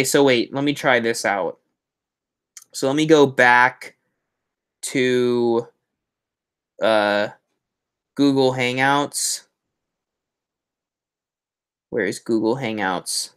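A man's voice: mid-range voice, slow, pauses often, clean tone. Rambling, chatty live-stream host man. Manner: rambling and chatty, with self-mocking asides. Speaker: host of a Halloween prop channel live stream. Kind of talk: casual live-stream chat.

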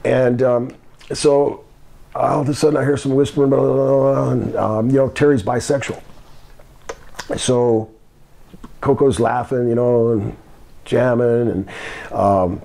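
A man's voice: mid-range voice, steady tone, a little slow, vocal fry, long pauses, mellow. A man in his sixties, a retired wrestler, telling long rambling stories with many fillers in an interview. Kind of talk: storytelling shoot interview.

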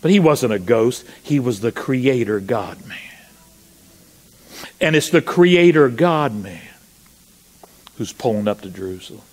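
Man, pastor, church sermon, mid-pitched voice, rhetorical questions, loud high bursts on quotes. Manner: animated preaching, rising to loud high cries when quoting scripture; asks the congregation rhetorical questions. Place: church sanctuary.

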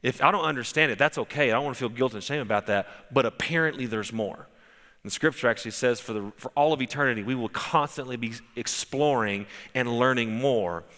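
A man's voice: medium pitch, brisk, fairly bright tone, long reverb tail. A man preaching a sermon as pastor, telling stories conversationally with frequent restarts. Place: church sanctuary.

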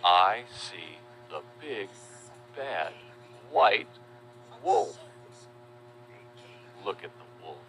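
Male narrator for a kids' learning video, deep-ish and bright, slow and lively. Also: slight background noise, rough recording. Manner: playful, slow and animated, spells out words for kids. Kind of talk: children's educational narration.

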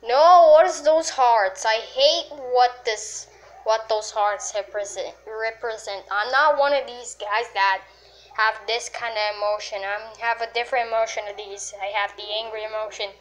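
A woman commenting on a game she is playing, excitable and full of yelps and exclamations. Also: a little high, normal speed. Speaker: gamer. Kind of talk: let's play commentary.

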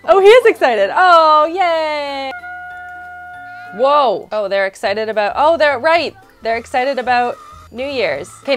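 A young woman commentating her own gameplay, bubbly and chatty, who keeps coaxing and scolding the characters on screen. Her pitch sits squarely in the middle for a woman. Soft music runs faintly under her voice. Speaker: gaming channel host. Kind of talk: let's-play commentary.

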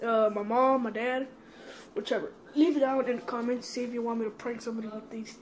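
A woman vlogging casually, speaking straight to her viewers in an excitable way and swearing often. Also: fairly high pitch, a little hiss or hum. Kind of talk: casual mail-opening vlog.

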